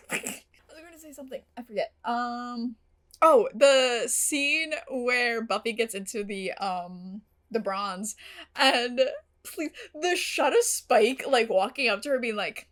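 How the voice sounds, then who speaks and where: Young woman vlogger, slightly high voice, giggly and gushing, casual swearing, excited pitch jumps. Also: takes it slowly. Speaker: reaction channel host. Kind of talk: casual vlog recap.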